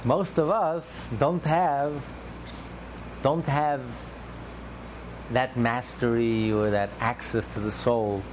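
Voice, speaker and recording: This Torah teacher explains a passage in a religious text class, repeating himself and piling up list-like phrases. He speaks slowly in a mid-range voice with fairly even intonation and long pauses, over background noise.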